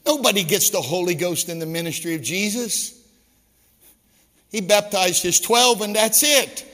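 A man preaching a sermon as pastor, emphatic and quizzing the room, sometimes dropping to a hushed storytelling tone, in a hall with long reverb. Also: sits high, unhurried.

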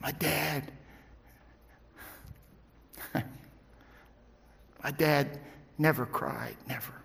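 A man preaching a sermon as pastor, telling a story in hushed tones and then rising to fervent, shouted encouragement. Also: fairly high pitch, steady tone, very slow, gravelly, big-room sound. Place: church sanctuary.

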